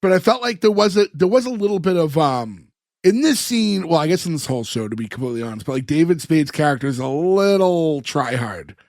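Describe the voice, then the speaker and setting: Male podcast co-host, rambling casual recapper, slightly high voice, dry mic. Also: sing-song, brisk, darkish tone, no echo. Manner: rambling, laughs often, many fillers. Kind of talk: casual chat recapping a sitcom episode.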